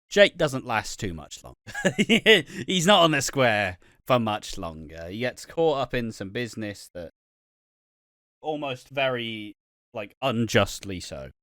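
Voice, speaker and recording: A man co-hosting a podcast, talking in a loose, rambling way and swearing freely. His voice sits at an ordinary pitch and sounds close and dry, with no room echo. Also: fairly bright tone. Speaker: podcast co-host. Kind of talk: casual podcast chat.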